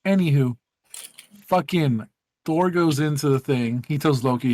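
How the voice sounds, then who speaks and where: A man's voice: on the high side, unhurried, darkish tone. Rambling, profane gaming podcast man. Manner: rambling, profane storytelling with many fillers. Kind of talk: casual group chat.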